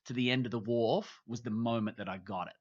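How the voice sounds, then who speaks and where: An Australian man in his fifties, a TV presenter telling travel stories on a podcast in a lively, animated way, acting out the voices of people he quotes. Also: medium pitch, fairly quick, muffled recording. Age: 50s. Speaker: guest, TV presenter. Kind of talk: casual storytelling.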